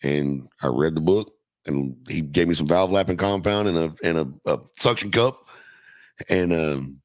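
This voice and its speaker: A man's voice: extremely low pitch, a little slow, no echo. A middle-aged man casually telling a profane, laughing story from his youth as a podcast guest.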